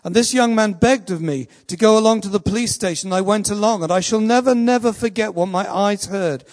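High-voiced preacher in an echoing hall. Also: male voice, a little mellow. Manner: earnest, slow and emphatic, reading a testimony aloud. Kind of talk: sermon. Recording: long reverb of a large hall.

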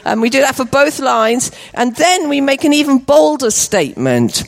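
A woman's voice: fairly high pitch, moderate pace, vocal fry, few pauses. A woman leading a church children's song session, cheerfully encouraging the kids with constant praise. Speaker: children's worship leader.

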